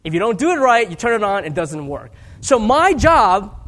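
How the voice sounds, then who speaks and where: A man around forty giving a sermon as guest preacher, telling stories with self-deprecating humor and swinging between hushed asides and raised emphasis. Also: sits high, big pitch swings, moderate pace.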